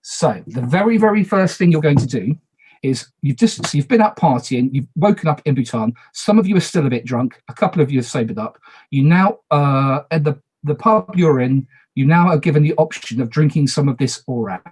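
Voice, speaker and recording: A man's voice: a little high, animated, fairly quick, darkish tone, breathy edge. A man moderating an online party game on a video call, talking casually, repeating instructions and making self-deprecating asides.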